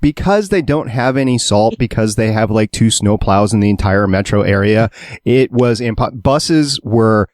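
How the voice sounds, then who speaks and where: Man from minnesota, podcast host, lowish voice, conversational, dry mic. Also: expressive, normal speed, darkish tone, no echo. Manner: conversational, asks questions. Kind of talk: casual podcast chat.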